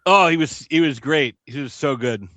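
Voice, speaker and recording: A male podcast guest telling stories in casual chat, animated and acting out what others said. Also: fairly high pitch, normal speed, dry recording. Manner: animated anecdote teller, acts out quotes. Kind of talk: casual storytelling.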